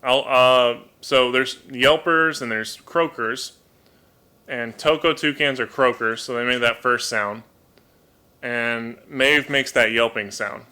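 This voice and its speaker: A man's voice: mid-range voice, steady tone, takes it slowly, bright, forceful tone, smooth. A man chatting casually on a live stream from his home at a desk microphone, talking about his birds, often repeating words as he thinks. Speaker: livestream host and toucan keeper. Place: home room.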